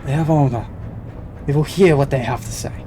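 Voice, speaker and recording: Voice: medium pitch, a little fast, over music, lightly acted. A player voicing a formal, grave guardian figure from a game, read aloud. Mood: solemn. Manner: formal dialogue read aloud, stumbling into giggles.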